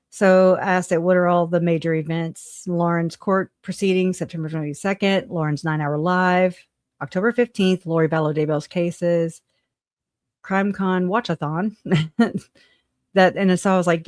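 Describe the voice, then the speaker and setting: A woman's voice: on the low side, fairly even intonation, a little slow, a little mellow, no room sound, clean studio sound. Blunt, profane woman ranting on a livestream. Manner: blunt, profane, laughs between remarks. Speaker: livestream host. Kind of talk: casual livestream rant.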